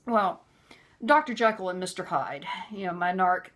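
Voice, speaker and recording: A woman telling a personal story in an earnest, conversational way, filling pauses with "you know". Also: fairly low pitch, expressive, fairly bright tone. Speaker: vlogger.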